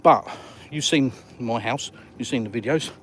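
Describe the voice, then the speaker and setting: A man's voice: mid-range voice, moderate pace, a bit bright. Live streamer, male, southern English accent, mid-range voice, casual and dry-humored, faint outdoor noise. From England. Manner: chatty, blunt, dry humor. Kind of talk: casual live stream chat answering viewers. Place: outdoors by the coast.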